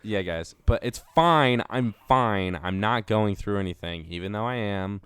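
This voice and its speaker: A young man co-hosting a casual podcast, rambling and hesitant, filling his talk with "like" and often trailing off quietly. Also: on the low side, measured pace, clean tone, no echo. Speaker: podcast co-host.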